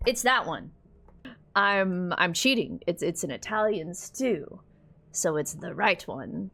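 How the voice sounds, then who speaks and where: Animated woman streamer laughing at a game. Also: on the low side, takes it slowly, vocal fry. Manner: laughing, swearing, reacting loudly. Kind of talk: casual game commentary.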